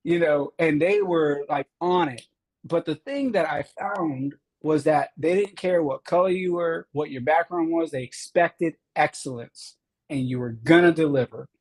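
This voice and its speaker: Husky-voiced man telling his story. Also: fairly high pitch, a little slow, darkish tone, poor audio. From Chicago. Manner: earnest storyteller, acts out quoted teachers. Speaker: state representative guest. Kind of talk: interview conversation.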